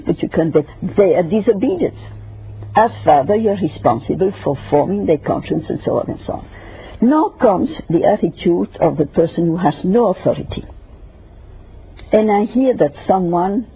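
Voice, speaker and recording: An older woman guest in an interview discussion, speaking emphatically and lecturing in numbered points with a raspy, gravelly voice. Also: fairly low pitch, a little hiss or hum. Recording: dull lo-fi radio recording.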